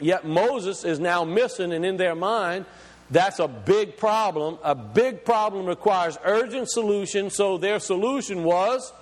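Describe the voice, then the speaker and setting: A male preacher delivering an emphatic teaching sermon, asking questions and explaining scripture word by word. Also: high-pitched. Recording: long hall reverb.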